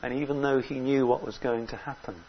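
A man preaching a sermon in an earnest way, rising loud on key words and dropping low between them. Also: fairly even intonation, brisk, muffled recording, slight background noise.

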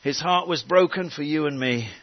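Earnest male preacher, slightly high voice, close and dry, a bit dull in sound. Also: moderate pace, no room sound. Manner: earnest preaching with fillers and restarts. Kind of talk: sermon.

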